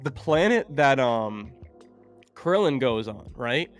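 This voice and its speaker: A man speaks as a guest in a casual stream chat, his mid-pitched voice rambling and hesitant, full of fillers. Faint music plays underneath him. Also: big pitch swings, slow pace.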